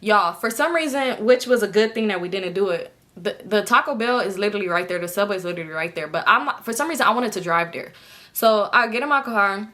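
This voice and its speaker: A woman's voice: mid-range voice, animated, fast, a bit bright. A woman telling a story to her viewers in a casual, slangy and profane way, talking straight to them. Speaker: storytime vlogger.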